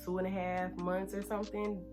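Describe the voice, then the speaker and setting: A young woman from Texas telling a personal story while doing her makeup. She talks in an animated, chatty way and speeds up when she gets nervous. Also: medium pitch, normal speed, music in the background. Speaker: beauty vlogger.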